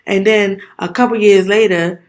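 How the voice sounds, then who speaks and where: A woman's voice: mid-range voice, steady tone, normal speed. A young woman co-hosting a podcast, telling stories in blunt, profane casual chat. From DMV area, US. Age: young adult. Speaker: podcast co-host.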